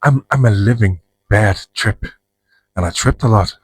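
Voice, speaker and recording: Husky man, frank and rambling. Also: fairly low pitch, a little slow, no room sound, rough recording. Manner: frank, profane, rambling with restarts. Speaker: vlogger. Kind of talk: personal monologue to camera.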